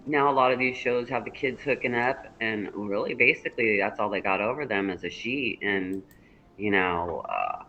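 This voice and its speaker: Bright-toned older man, chatty. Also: fairly low pitch, moderate pace. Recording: dull audio with faint noise.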